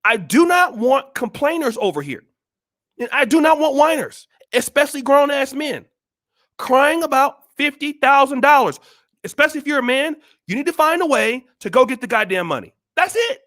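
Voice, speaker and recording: Male vlog host, very high voice, preachy and forceful, tough-love rant. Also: normal speed. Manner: blunt, scolding, repeats rhetorical questions. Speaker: channel host. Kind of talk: blunt motivational monologue.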